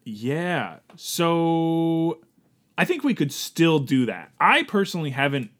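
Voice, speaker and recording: A man voicing a newly arrived young male recruit who talks in a hesitant, apologetic way with deadpan asides. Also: a little high, takes it slowly, exaggerated voice. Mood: awkward. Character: newest young male recruit, awkward and eager. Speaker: podcast co-host. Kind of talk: improvised comedy role-play.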